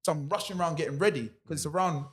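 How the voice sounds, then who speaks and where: A man with a British accent, co-hosting a podcast and telling a personal story in casual chat, animated and full of street slang. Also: a little high, very fast, breathy edge. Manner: animated, acting out other people's lines; street slang, filler sounds like "rah, rah". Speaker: podcast co-host.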